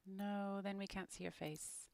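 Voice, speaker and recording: A British woman streaming as she works on an animated scene, muttering to herself and often dropping into a whisper. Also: mid-range voice, a little slow, gravelly, dry recording. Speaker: streamer making an animated game-character video. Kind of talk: casual narration while working.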